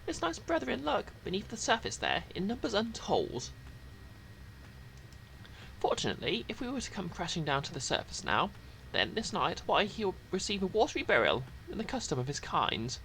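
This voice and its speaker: A man's voice: sits high, very animated, normal speed, creaky, sharp tone, a little hiss or hum, voice pushed up, exaggerated voice, rough recording. A man doing a stiff, solemn aquatic creature knight.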